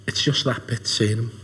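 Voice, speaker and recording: A man, retelling a traumatic event as a witness in a documentary interview, halting and emotional. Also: mid-range voice, bright, forceful tone, slight background noise.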